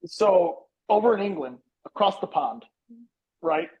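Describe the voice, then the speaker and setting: A man co-hosting a casual sports gambling podcast, with a slightly high voice that comes through dull and lo-fi. He talks loosely and swears freely while explaining his picks. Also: expressive, unhurried. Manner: loose and profane, explains at length. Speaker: podcast co-host. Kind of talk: casual sports betting chat.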